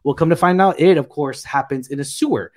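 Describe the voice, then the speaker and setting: A man with a slightly raised pitch, talking loosely and eagerly through an episode recap. He rambles, fills gaps with "um" and "you know", and piles on his praise. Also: a little fast. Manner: rambling, filler-heavy, enthusiastic retelling. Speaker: podcast co-host reviewing a TV episode. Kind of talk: casual review chat.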